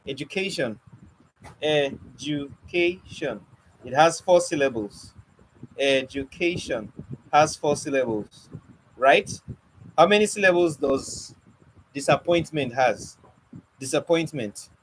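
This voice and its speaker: A man's voice: fairly high pitch, lively intonation, measured pace, slight background noise, low-quality recording. A young man teaching an online poetry lesson, coaxing and questioning his students with light teasing. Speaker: poetry mentor.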